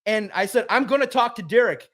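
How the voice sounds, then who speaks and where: A man guesting on a sports podcast, telling a story in a casual, high-energy way. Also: fairly quick, fairly bright tone.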